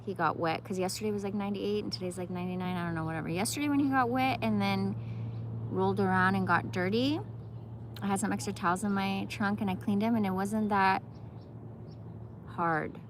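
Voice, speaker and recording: A woman's voice: mid-range voice, a little fast, noisy background. A woman in her forties chatting casually to her phone camera outdoors, rambling and slangy, profane, saying bro a lot. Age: 40s. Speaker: vlogger. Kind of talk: casual vlog chat. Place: outdoors in a park.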